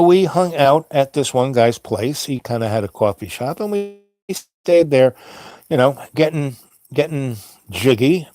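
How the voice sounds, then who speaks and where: A middle-aged man tells a wandering, anecdotal story, stumbling over restarts and filler words. His voice sits a touch high for a man. The recording is close and dry, with no room sound. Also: a little mellow, no room sound. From New York. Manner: meandering, many fillers and restarts. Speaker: host. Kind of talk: rambling storytelling monologue.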